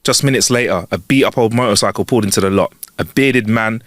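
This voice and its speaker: A man's voice: lowish voice, fast, no room sound, clean studio sound. A young man co-hosting a podcast, bantering, telling jokes and laughing readily. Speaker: podcast co-host. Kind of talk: casual chat and joke telling.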